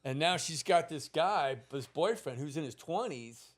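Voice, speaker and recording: A man's voice: on the high side, expressive, normal speed. A man in his fifties, a podcast host, telling a childhood story in casual, profane chat and acting out the people in it.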